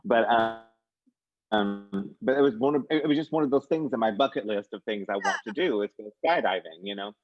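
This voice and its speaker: Low-voiced man in casual chat. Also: brisk, lo-fi sound. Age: 30s. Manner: hesitant, repeats words. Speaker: podcast co-host.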